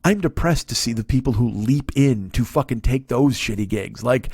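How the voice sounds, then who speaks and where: A man's voice: mid-range voice, moderate pace, a little mellow, breathy edge, no room sound, studio quality. A man in his forties, a comedian hosting his own podcast, ranting through a profane comedic monologue. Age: 40s. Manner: ranting, heavy swearing.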